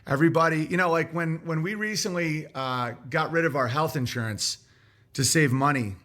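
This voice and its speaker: A man talking on a livestream, rambling and halting as he reads out viewer letters. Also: a little high, fairly bright tone. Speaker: streamer reading viewer letters. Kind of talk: livestream monologue.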